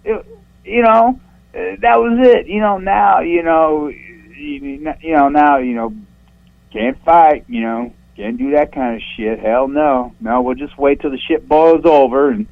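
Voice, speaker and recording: Caller from St. Louis, male, higher voice, foul-mouthed and fired up, goes shrill when riled; dull phone audio. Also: unhurried, creaky. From St. Louis, USA. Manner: profane, voice jumps shrill when worked up. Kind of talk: angry call-in rant. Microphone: phone line.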